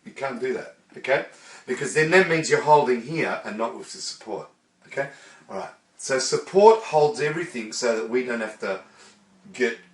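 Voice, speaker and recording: A man teaching singing, demonstrating vowels and coaching a student. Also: mid-range voice. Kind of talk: vocal lesson. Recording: echoey room, voice from a distance.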